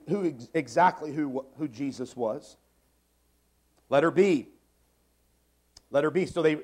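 A man in his forties gives an emphatic church sermon with a slightly high voice. He hammers his points home by repeating short phrases and moves between quiet asides and loud declarations. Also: slightly rough. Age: 40s. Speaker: pastor. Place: church sanctuary.

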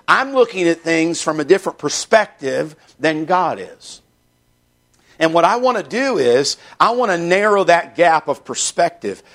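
A male pastor preaching a sermon in an earnest, plain-spoken way, with casual asides to the congregation. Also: on the high side.

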